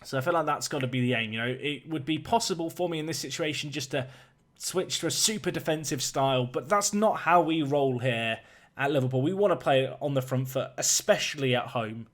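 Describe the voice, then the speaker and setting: A young man giving lively play-by-play commentary on a football management video game, climbing in excitement on big chances. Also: fairly high pitch, a little fast.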